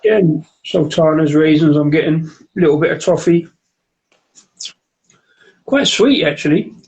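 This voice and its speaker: A man with a fairly high voice banters on a casual home livestream. He cracks jokes and reads out viewer comments between sips. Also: lively intonation, a little slow, vocal fry, a little mellow, low-quality recording. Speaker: co-host of a beer review show. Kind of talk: casual chat and beer tasting on a livestream. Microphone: home setup on a live video stream.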